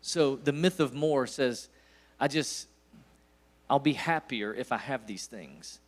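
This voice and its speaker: A man's voice: mid-range voice, slow pace. A man in his forties with an East Tennessee accent, preaching a sermon as a visiting pastor with folksy stories and emphatic bursts. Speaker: guest pastor.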